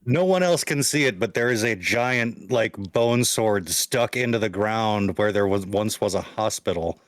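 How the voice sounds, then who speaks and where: A man narrating as game master of a tabletop game, relaxed and halting, with many restarts. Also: lowish voice, no echo.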